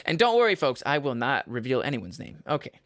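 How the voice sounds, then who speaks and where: A young man from Michigan's Upper Peninsula hosting his own podcast, rambling and cutting himself off, laughing at his own jokes and breaking into loud yells. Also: mid-range voice, very animated, brisk, dry recording. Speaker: podcast host. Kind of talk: casual solo podcast chat.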